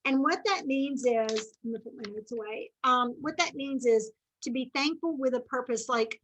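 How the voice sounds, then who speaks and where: A woman's voice: high voice, normal speed, fairly bright tone, slight background noise, low-quality recording. A woman giving an earnest, faith-based motivational talk to a sales team, chatty and full of asides.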